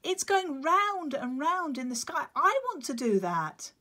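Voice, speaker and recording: An excitable baby penguin from a children's storybook, voiced by a woman reading to a class. He squeaks high and lively, eager and a bit out of breath. The pitch leaps all over the place. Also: a little slow, exaggerated voice. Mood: curious. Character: excited little male penguin chick.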